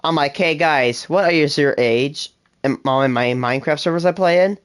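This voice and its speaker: Seventeen-year-old streamer, fast rambling self-talk, mid-pitched voice, live gameplay chatter. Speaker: gaming livestreamer.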